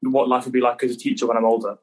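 English guy in his 20s, chill, kinda halting, repeats himself, mid pitch. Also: poor audio. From England. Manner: relaxed, hesitant, repeats words. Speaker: guest, conservatoire pianist. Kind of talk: casual interview chat.

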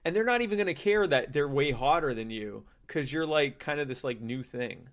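A man's voice: mid-range voice, brisk. A man co-hosting a casual comedic podcast, joking and rambling through his points. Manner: joking, rambling, animated asides. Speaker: podcast co-host.

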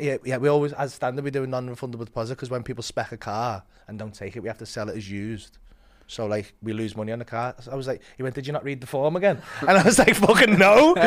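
A man, a guest comedian telling a long story in casual chat, swearing freely and acting out what others said. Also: mid-range voice. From England. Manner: sweary, animated anecdote with quoted voices.

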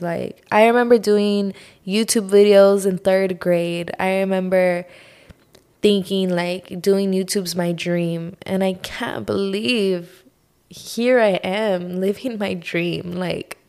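A young woman hosting her own podcast, talking through a personal struggle in a slow, heartfelt monologue full of sighs and "like". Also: medium pitch, steady tone, darkish tone. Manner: slow, sighing, heartfelt, says "like" often. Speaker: podcast host.

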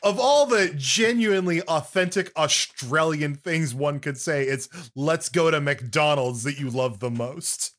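A man's voice: on the high side, unhurried, few pauses, a bit bright. Joking man co-hosting a podcast. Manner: joking, teasing banter. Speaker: podcast co-host. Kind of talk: casual podcast chat.

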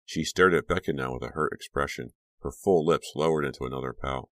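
A man reading a novel aloud as an audiobook narrator, in a steady, measured manner. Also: rumbling low, no room sound, clean studio sound. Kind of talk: scripted narration.

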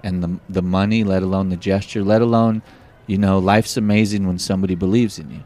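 A man with a somewhat low voice tells a personal story during an interview. He talks animatedly and acts out the voices of the people in it. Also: steady tone, a little fast, a little mellow. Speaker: guest.

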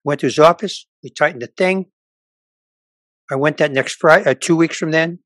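Sixties male comic, lively storyteller who plays every part, slightly high voice, dry close mic. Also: moderate pace, dry recording. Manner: animated storyteller acting out dialogue. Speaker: stand-up comedian guest. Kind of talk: casual storytelling chat.

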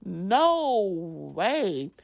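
A woman telling a story casually, animated and profane, dropping into dramatic whispers. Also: mid-range voice, extremely slow, vocal fry.

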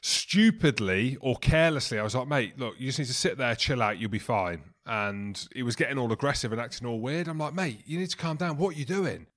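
A man's voice: medium pitch, lively intonation, fairly quick, few pauses, fairly bright tone. A man co-hosting a podcast, chatting casually in a jokey, rambling way, telling family stories and breaking into mock German. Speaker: podcast co-host. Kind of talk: casual chat.

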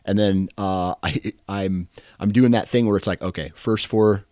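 Deep-voiced podcast host, self-mocking. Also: male voice, steady tone, mellow, no echo, studio quality. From Iowa. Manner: self-deprecating, laughs easily, halting. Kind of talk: casual podcast chat.

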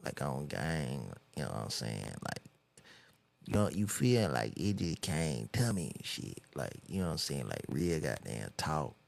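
A laid-back young rapper mumbles and drawls, as a man puts him on. The voice drops very low and gravelly, and his words slur together around constant fillers. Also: very animated, unhurried, full character voice. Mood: drawling. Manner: drawling, slurred, filler-heavy.

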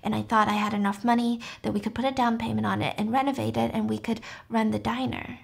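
An obsessive young man who has stalked his way into a hospital, quoted by a woman retelling a film. He pleads and promises earnestly. The voice stays fairly high and conversational. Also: fairly even intonation, fast, vocal fry, husky. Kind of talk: casual recap with quoted lines.

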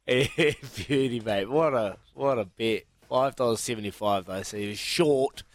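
A man's voice: mid-range voice, no room sound. A man with a New Zealand accent hosting a radio sports quiz, jokey, laughing and calling callers mate. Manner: jokey, quick to laugh, calls everyone mate. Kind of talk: breezy radio banter.

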